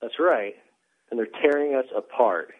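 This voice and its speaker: A man's voice: medium pitch, expressive, moderate pace, dry recording. A man calling in to a radio show, indignant and agreeing with the host. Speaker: radio caller. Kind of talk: phone-in call. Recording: tinny phone line.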